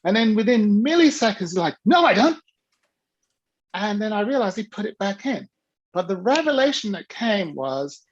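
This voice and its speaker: A man speaking on a video call, telling an animated story and acting out the quoted voices with sudden jumps in pitch. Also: dry recording. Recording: dull lo-fi video call audio.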